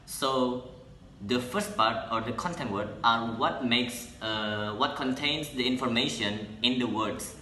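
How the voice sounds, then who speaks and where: A young man, a student presenting an English lesson in a halting way, correcting himself as he goes. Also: medium pitch, bright, forceful tone, slight background noise. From Indonesia. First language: Indonesian. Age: young adult. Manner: halting, with restarts and self-corrections. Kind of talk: classroom explanation. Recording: echoey room.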